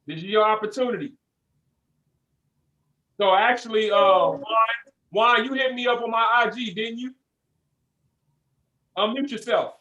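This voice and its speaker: Casting note: male host of an online group call, hyped and slangy, very high, bright voice. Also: measured pace, pauses often, dull audio. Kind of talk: casual hosting on a group call.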